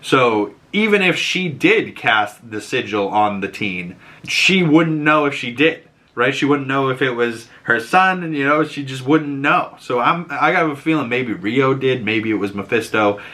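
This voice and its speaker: A man's voice: mid-range voice, animated, measured pace, pushed and bright. A man hosting a casual episode recap, chatty and loose, telling the story with lots of fillers. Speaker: host reviewing a TV episode.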